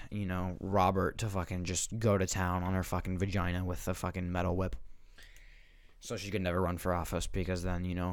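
Twenties guy from the US northeast, low gravelly voice, loose profane podcast rambler, dry close sound. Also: no echo. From northeastern United States. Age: 20s. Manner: profane, rambling, with heavy swearing. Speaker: podcast host. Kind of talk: casual solo rant.

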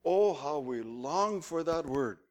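A man preaching a sermon as pastor, telling lively, humorous anecdotes. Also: fairly high pitch, slow. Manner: animated anecdotal storytelling with humor.

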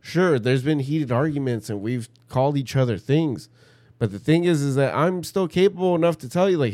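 A man's voice: medium pitch, lively intonation, normal speed, warm tone, no room sound. A man telling a heated, profane story in casual chat, acting out what others said.

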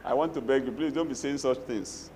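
Nigerian pastor preaching in a reverberant hall. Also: male voice, mid-range voice, brisk, slight background noise. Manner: animated preaching with Yoruba asides and acted quotes. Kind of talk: sermon.

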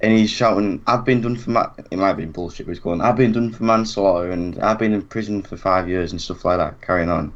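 A young man spins a lively story, voicing everyone he quotes and laughing along as he goes. His voice sits low. The recording sounds dull and lo-fi. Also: brisk, few pauses. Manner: animated anecdote, acts out quotes, laughs often. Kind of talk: casual chat.

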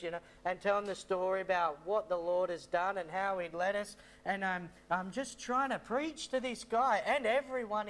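Speaking a little fast with few pauses, a missionary rambles through a testimony story, repeating himself with lots of fillers. His high-pitched voice is a bit bright, with fairly even intonation.

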